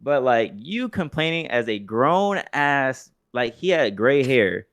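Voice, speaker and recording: This medium-pitched young man co-hosts a podcast, very animated yet taking it slowly, in a dry, clean studio recording. He chats casually, cursing freely and mocking people through impressions as he tells loose stories.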